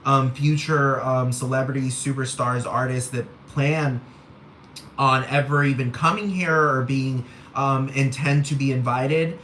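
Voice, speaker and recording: A man's voice: mid-range voice, steady tone, a bit bright, pitched below the performer's own voice, natural voice. A man doing a stiff, formal older fashion editor. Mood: prim, official. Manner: measured, official, with hesitant ums. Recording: roomy echo, faint room noise.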